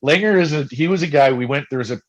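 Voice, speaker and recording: A man's voice: on the high side, racing, lo-fi sound. Middle-aged man telling rowdy stories. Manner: animated and profane, with frequent restarts. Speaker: guest, former pro hockey player. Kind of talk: casual storytelling.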